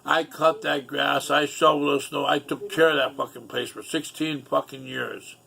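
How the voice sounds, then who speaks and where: A man's voice: fairly high pitch, fairly even intonation, moderate pace, vocal fry, bright, forceful tone, slight background noise. A middle-aged man telling a rambling personal story in a casual, profane, aggrieved way.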